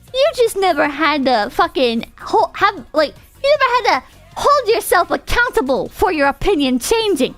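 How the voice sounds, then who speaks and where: High, bright-voiced ranting woman streamer. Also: very animated, moderate pace, faint music behind. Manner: rambling, profane, ranting. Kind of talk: casual livestream chat.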